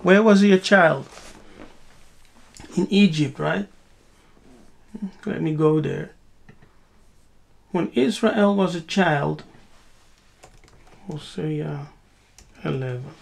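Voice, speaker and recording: A woman's voice: low-pitched, extremely slow, gravelly, pauses often. A woman giving a spiritual teaching, asking rhetorical questions and answering them herself with emphatic repetition.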